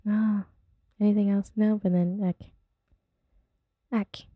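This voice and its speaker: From her home, with her dog nearby, a woman whose first language isn't English hosts a casual podcast, rambling, giggling, and drifting off-topic easily. Her medium-pitched voice is level and a little slow, and the dry recording sounds narrow and tinny.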